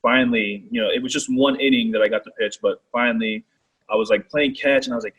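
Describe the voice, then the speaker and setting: Husky-voiced young man chatting casually. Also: mid-range voice, quick pace, poor audio. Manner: relaxed, filler-heavy talk with many "like"s. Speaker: guest baseball pitcher. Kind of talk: casual chat.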